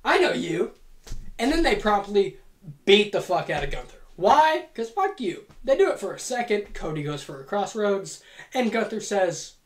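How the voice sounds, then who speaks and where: A woman hosts a comedic monologue, spinning an imagined wrestling match with profane, rapid-fire glee. Her pitch leaps around constantly as she tells it. The voice sits in a roomy, echoing space. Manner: profane, excitable, rapid-fire comic storytelling. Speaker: host. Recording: roomy echo.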